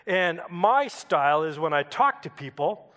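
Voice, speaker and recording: A man's voice: a little high, expressive, a little slow, fairly bright tone, big-room sound. A Canadian man preaching a sermon in a church, telling a personal story in a conversational way and asking the congregation questions. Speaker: pastor.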